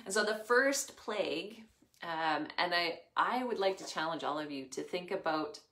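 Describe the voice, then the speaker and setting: A woman, telling a Bible story to children in an expressive, chatty way. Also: fairly low pitch, moderate pace, roomy sound. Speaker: children's church leader.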